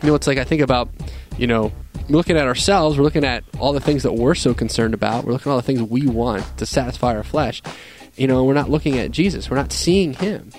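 A man's voice: medium pitch, fast, few pauses, a little mellow, faint music behind. A man co-hosting a faith radio show, reflecting earnestly between playful quips, with frequent fillers. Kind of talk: casual faith talk on radio.

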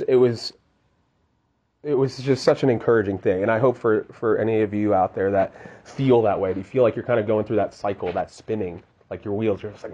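A man's voice: fairly low pitch, a little fast, darkish tone, husky, lo-fi sound. A man giving casual devotional teaching as a preacher, earnest and conversational, often restarting his sentences.

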